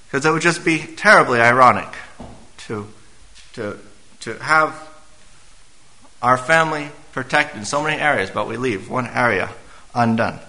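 A man's voice: medium pitch, sharp tone. A man preaching a sermon in a church, talking conversationally and putting questions to the congregation. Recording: echoey church room.

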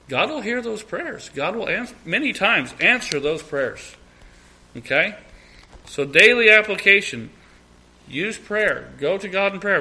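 A man's voice: high voice, expressive, a little slow, sharp tone, a little hiss or hum. A middle-aged man leading an evening Bible study, earnest, repeating key phrases and acting out short prayers.

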